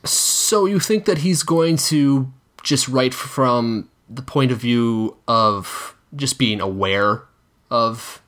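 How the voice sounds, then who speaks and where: A man co-hosting a podcast, jokey and animated in casual conversation. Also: medium pitch, slow. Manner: jokey, animated, squeals when joking. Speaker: podcast co-host. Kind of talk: casual chat.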